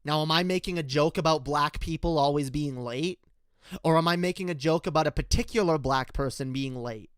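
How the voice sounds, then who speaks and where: A man's voice: a little high, fairly quick, clean tone, no echo, studio quality. A young man giving an unscripted, rambling commentary rant, heated and profane, addressing his viewers directly. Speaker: political commentator.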